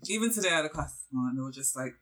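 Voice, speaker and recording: A podcast guest who works as a call centre advisor talks very quickly in a mid-range voice. The tone is mock-weary, and callers' demands get quoted back. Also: mid-range voice, lively intonation, fairly bright tone. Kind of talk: casual podcast chat. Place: works from home.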